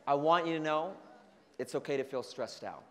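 A man giving an energetic motivational talk to a student leadership conference, telling stories and acting out the voices. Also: a little high, normal speed. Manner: energetic storytelling with acted-out voices. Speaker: keynote speaker. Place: large conference hall. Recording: long hall reverb.

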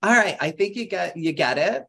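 Webinar presenter, video call, lively and chatty, mid-pitched, friendly restarts and fillers. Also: moderate pace, creaky. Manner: acts out quoted people with big pitch jumps. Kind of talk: interactive online workshop talk.

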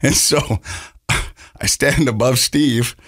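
Podcast co-host, male, mid-pitched, rambling storyteller with restarts, dry booth sound. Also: fairly even intonation, slow, a bit bright, husky, dry recording. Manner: rambling, repeats words, laughs while telling; earnest, reflective. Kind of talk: casual storytelling.

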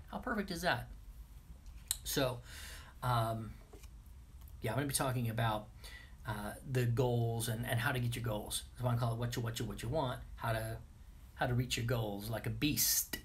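This livestream podcast host has a husky, medium-pitched voice and speaks at normal speed. Setting up at his computer, he keeps things casual and playful, tossing silly asides to himself under his breath.

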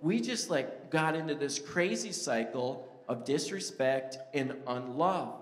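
A man's voice: fairly high pitch, lively intonation, unhurried. A male pastor preaching a sermon in a church sanctuary, telling stories in a conversational, joking way. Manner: conversational, storytelling, jokes with the crowd. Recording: echoey church hall reverb.

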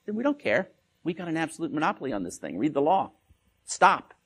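A man's voice: a little high, sing-song, a little fast, slightly rough, pitched above the performer's own voice. A man voicing a greedy male patent troll who makes curt, mocking demands.

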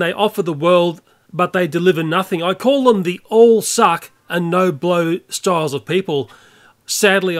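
An older Australian YouTuber delivering an earnest, opinionated rant to camera. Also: male voice, high voice, a bit bright. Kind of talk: ranting monologue to camera.

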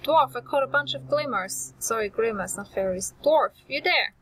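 A woman talking through a video game as she plays, with a slightly high voice. She keeps up chatty, self-mocking asides to herself. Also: lively intonation, normal speed, a bit bright, slight background noise, poor audio. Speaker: let's-play host. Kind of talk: gameplay commentary.

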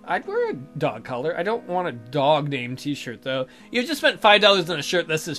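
Animated, bright-voiced sarcastic young man. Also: on the high side, fairly quick, soft background music. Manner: sarcastic and profane, with sudden loud outbursts. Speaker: let's play host. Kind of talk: reading game text aloud with joking commentary.

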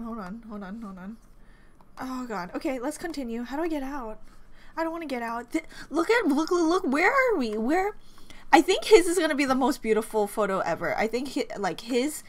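Faint music from the video she's watching sits under this young woman's slightly high voice as she gushes through her reaction. A reaction vlogger, she gives excited commentary, repeats her exclamations, and leaves words half-finished.

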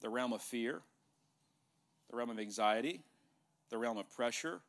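A male pastor preaching a sermon in a church, animated, joking with the congregation and acting out dialogue. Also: mid-range voice, normal speed. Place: church sanctuary.

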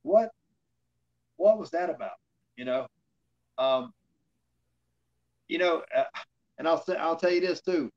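A man with a drawl tells stories as an interview guest. His voice sits a little high, and he acts out the lines other people said to him. The audio is slightly dull and lo-fi. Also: animated, measured pace, long pauses, a little mellow. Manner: rambling anecdotes with fillers, acting out quoted dialogue. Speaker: interview guest, former wrestler. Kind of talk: casual storytelling in an interview.

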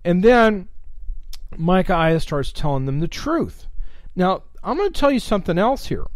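A man on a livestream walks through scripture with a lively, swooping delivery and a voice a little higher than most men's. His sound is close and dry, with no room around it. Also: no room sound. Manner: animated, reads scripture aloud with asides. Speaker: online Bible teacher. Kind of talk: livestream Bible teaching.

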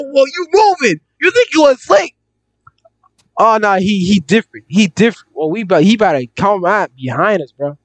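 Playing through a horror game, a young YouTuber keeps up excitable, slang-filled commentary and lets out jumpy yelps at the scares. His voice is high, with no room sound in the recording.

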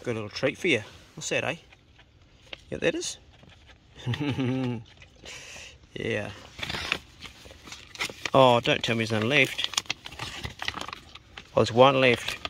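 A man's voice: mid-range voice, steady tone, takes it slowly, vocal fry, pauses often, noisy background. A man with a New Zealand accent chatting casually outdoors for his homesteading vlog and talking fondly to his dog. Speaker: homesteading vlogger. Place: outdoors on a beach.

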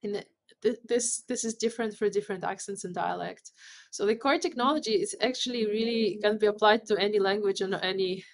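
A woman speaking English as a second language, guest on a podcast interview. She explains technical points at a medium pitch, with many fillers, false starts and repeated words as she searches for the phrasing. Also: fairly quick. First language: not English. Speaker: CEO and guest.

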